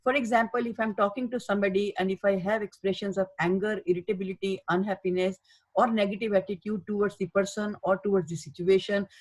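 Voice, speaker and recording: A woman's voice: mid-range voice, steady tone, quick pace, poor audio. A woman giving a webinar lecture as a healthcare communication trainer, earnest and repetitive in her emphasis. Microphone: webinar microphone.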